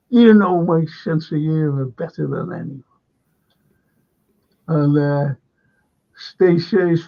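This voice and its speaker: A man hosting a livestream, chatting and rambling as he reads out viewer comments, laughing often. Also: sits high. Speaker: livestream host. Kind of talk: casual chat, reading out viewer comments. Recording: dull lo-fi stream audio.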